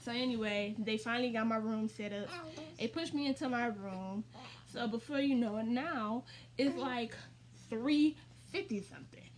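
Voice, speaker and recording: A woman's voice: a little high, normal speed, slight background noise. A woman in her twenties telling a personal story in a casual, rambling way, full of fillers and calling her viewers y'all. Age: 20s. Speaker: vlogger.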